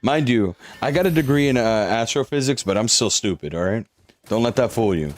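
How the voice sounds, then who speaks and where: A man's voice: medium pitch, lively intonation, a little fast, faint music behind. A young man on a live stream, chatting casually with viewers and walking them through a game, swearing now and then as he hypes them up.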